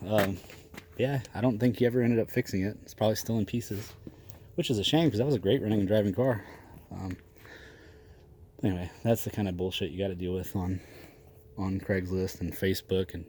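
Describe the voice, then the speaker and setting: A man's voice: sits low, darkish tone, slight background noise. A man, telling a casual, profane, rambling story about old cars. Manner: profane, rambling, laughs often. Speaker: garage vlogger.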